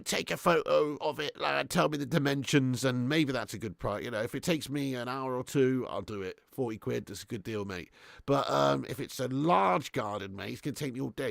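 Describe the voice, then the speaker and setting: A man's voice: mid-range voice, a little fast, vocal fry, no echo, clean studio sound. A young man hosting a live football watch-along, commenting on the match, reading out viewers' messages and swearing freely. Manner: excitable, swears, reads viewer messages aloud.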